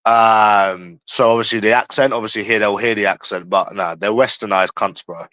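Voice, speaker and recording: A man's voice: fairly low pitch, steady tone, moderate pace, sharp tone, dry recording, rough recording. A man ranting casually on a livestream, blunt and profane, talking straight to a viewer in chat. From England. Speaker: livestream host.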